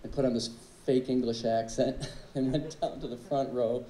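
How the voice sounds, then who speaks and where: A man's voice: mid-range voice, fairly even intonation, moderate pace, mellow. Wry male drummer telling stories in an echoey club. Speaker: drummer telling a tribute story. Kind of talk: anecdotal storytelling speech. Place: live music club stage. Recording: echoey club with faint ambience.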